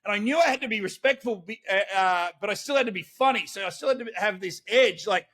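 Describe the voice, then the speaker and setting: An Australian man tells stories with lots of energy and frequent laughs in a relaxed podcast conversation. His voice sits high and sounds bright. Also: fast. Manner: animated storytelling, laughs often. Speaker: guest, celebrity interviewer. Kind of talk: casual podcast chat.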